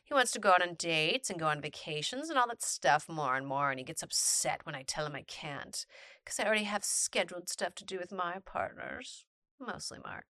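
A woman reads a personal story aloud with a bright, forward voice that swings up and down as she goes. She breaks off now and then for playful comments. The sound is close and dry, with no room around it. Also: on the low side, moderate pace, no room sound. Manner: animated, playful reactions between readings. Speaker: storytime narrator reading posts. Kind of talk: reading a post aloud with commentary.

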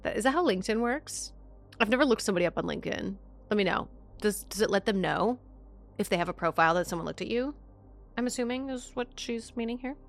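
A woman hosts a casual podcast, reading online stories aloud and often stopping to react. Her voice has a noticeable creaky fry. She keeps her commentary quick and chatty throughout. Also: mid-range voice, expressive. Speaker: podcast host.

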